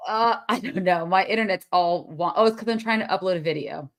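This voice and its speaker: A woman co-hosting a casual movie review, relaxed and matter-of-fact. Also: lowish voice, fairly quick. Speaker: podcast co-host.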